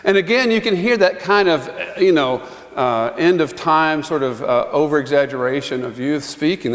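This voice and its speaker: Pastor preaching in a reverberant church. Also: male voice, on the high side, expressive, a little slow. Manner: conversational, chuckling asides, acts out quotes. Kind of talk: sermon. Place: church sanctuary.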